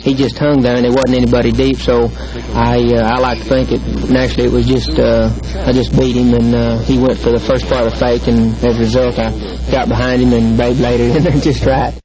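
Quick, flat-voiced player in interview. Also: male voice, mid-range voice, over music, rough recording. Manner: modest, hesitant, many uhs. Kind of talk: post-game interview.

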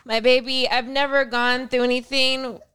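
A woman's voice: high voice, little pitch movement, moderate pace, fairly bright tone, clean tone. A woman in her thirties co-hosting a podcast, telling a heartfelt story in an open, chatty way. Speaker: podcast co-host. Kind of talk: casual chat.

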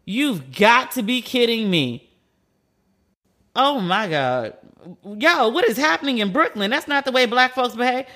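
A woman's voice: fairly high pitch, lively intonation, unhurried, fairly bright tone. An American woman hosting a podcast, chatting candidly and telling stories with slangy asides. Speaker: podcast host. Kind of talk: casual solo podcast chat.

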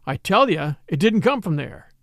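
A man voicing a timid, guarded prospector who answers quietly. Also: on the high side, big pitch swings, normal speed, no echo, clean studio sound.

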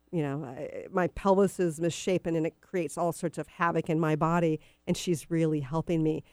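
A woman's voice: on the low side, darkish tone, no room sound, clean studio sound. A middle-aged woman hosting a radio talk show, telling personal stories in a chatty, meandering way with many fillers. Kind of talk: casual storytelling on talk radio.

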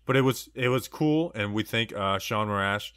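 Low-voiced man, rambling and joking. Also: normal speed, fairly bright tone, smooth, no room sound, clean studio sound. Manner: joking, rambling, lots of "like" and "you know". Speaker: podcast co-host. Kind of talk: casual sports chat.

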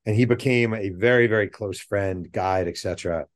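A middle-aged man, a guest author on a podcast, chatting casually and telling animated stories with rambling asides. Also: fairly low pitch, moderate pace. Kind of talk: casual interview chat.

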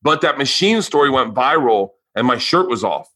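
A man hosting a podcast, telling stories in a lively way, swearing freely and acting out the people in them. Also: medium pitch, normal speed, slightly rough. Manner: animated storyteller, swears freely, acts out voices. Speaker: podcast host. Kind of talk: casual chat.

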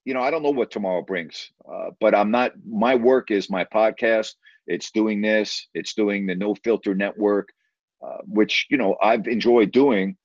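A man's voice: fairly low pitch, no echo. A middle-aged man, a broadcaster and podcast host, telling stories in a casual interview; he rambles, repeats phrases and stretches words for emphasis. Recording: dull, dry podcast audio.

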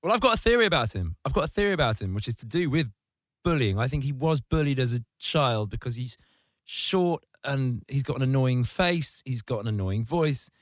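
Animated ranting man, dry close mic. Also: a little fast, no echo. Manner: animated ranting, mocking voices in sudden high squeals. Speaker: podcast host. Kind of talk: casual comedic podcast chat.

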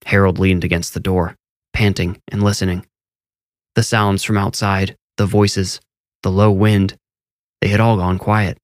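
Deep-voiced horror story narrator. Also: male voice, flat delivery, no room sound. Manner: measured, suspenseful storytelling. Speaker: narrator and author. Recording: narration over loud music.

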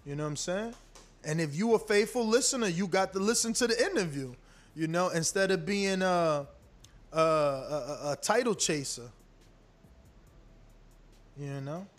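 This man hosts a boxing podcast as a casual livestream, his high voice animated yet unhurried, broken by frequent pauses. He rambles, swears a lot, and speaks loosely with strong emphasis.

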